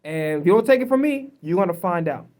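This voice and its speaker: A man's voice: sits high, expressive, fast talker, darkish tone. A frustrated man delivers a sports vlog rant to his own camera. He swears heavily and stays angry and emphatic, tripping over repeated restarts whenever he gets worked up. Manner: angry, profane, emphatic ranting; repetitive restarts when heated. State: upset, frustrated. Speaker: sports commentator vlogger. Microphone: self-recorded camera.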